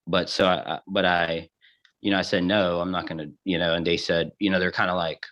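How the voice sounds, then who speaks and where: A man as an interview guest, telling a personal story in a halting way, with restarts and acted-out dialogue. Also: low voice, fairly even intonation, a bit bright. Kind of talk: casual storytelling. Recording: dull lo-fi audio.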